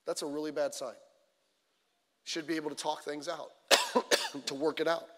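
Pastor, man, high voice, chatty sermon delivery with acted-out quotes, echoing church hall. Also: measured pace. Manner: conversational, animated storytelling with acted quotes. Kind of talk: midweek sermon. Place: church sanctuary. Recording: long reverb of a church hall.

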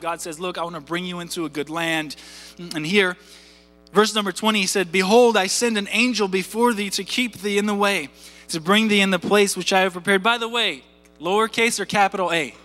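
A man's voice: sits high, bright, forceful tone, in a large hall. A man in his thirties preaching a sermon in a conversational way, repeating words and putting questions to his congregation. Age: 30s. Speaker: pastor.

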